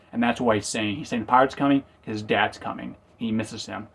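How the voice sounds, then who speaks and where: A man's voice: fairly low pitch, steady tone, brisk, a bit bright. A man casually recapping and reviewing a TV episode, rambling and correcting himself as he goes. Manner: rambling, self-correcting, acts out quotes.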